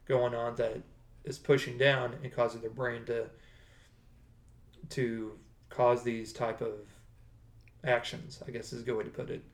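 A man's voice: medium pitch, level tone, measured pace, pauses often. A man chatting casually as a podcast co-host, rambling and correcting himself as he goes. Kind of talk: casual chat. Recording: roomy echo.

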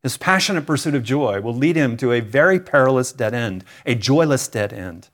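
A man preaching a sermon as a pastor, earnest and emphatic, with dramatic pauses and repeated phrases. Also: medium pitch, expressive, a bit bright.

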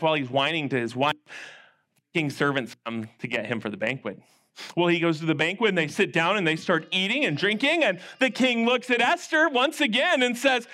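A man preaching a children's sermon in church, telling a story in an animated way and acting out the characters' lines. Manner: animated, acts out characters' lines with big pitch swings. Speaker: children's pastor.

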